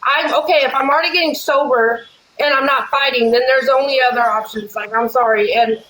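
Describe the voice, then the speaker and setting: A woman in casual chat who talks fast and rambles, blunt and profane. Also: high voice, steady tone, sharp tone, roomy sound, rough recording. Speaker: livestream guest.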